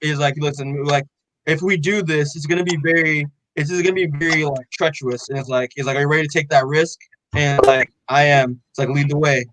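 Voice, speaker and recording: A young man co-hosting a podcast, excitedly recapping a comic in loose casual chat, full of "like" and swearing, acting out the characters' lines. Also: on the high side, brisk, rough recording. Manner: excited, loose, heavy on "like" and swearing, acts out quotes. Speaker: podcast co-host.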